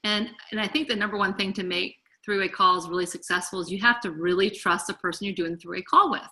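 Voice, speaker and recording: A woman's voice: mid-range voice, fairly even intonation, quick pace, sharp tone. A woman leading a group call, coaching her team in an eager, chatty, encouraging way. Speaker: team leader.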